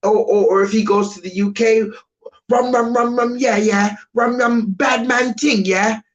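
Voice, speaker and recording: A man's voice: high-pitched, little pitch movement, brisk, darkish tone, highs cut off, natural voice. A man putting on a mocking impression of a male rapper who keeps switching accents, in an exaggerated sing-song way.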